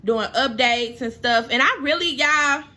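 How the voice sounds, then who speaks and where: A woman's voice: on the high side, measured pace, sharp tone. A young woman, chatting casually through a storytime while doing her makeup, emotional and at times close to tears. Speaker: makeup vlogger.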